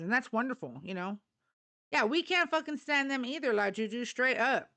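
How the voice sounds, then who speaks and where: A middle-aged woman holding forth on her live stream, blunt and salty with her language, all fired up. Her voice sits a little higher than most women's. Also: animated, moderate pace, sharp tone. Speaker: livestream host. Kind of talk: live political talk stream.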